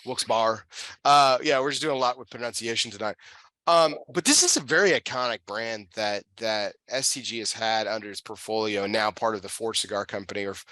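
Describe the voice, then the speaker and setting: A man with a bright, forceful, lowish voice hosts a relaxed chat show. He rambles with lots of "uh" and restarted phrases. The sound is dry and close. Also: no echo. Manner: halting, many fillers and restarts. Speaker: podcast host. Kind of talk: casual chat.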